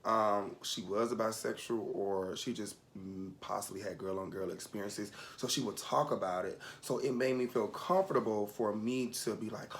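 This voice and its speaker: A man's voice: on the low side, steady tone, normal speed, hardly any pauses, a little hiss or hum. A young man telling a personal story in casual chat, candid and rambling, fighting back tears at moments.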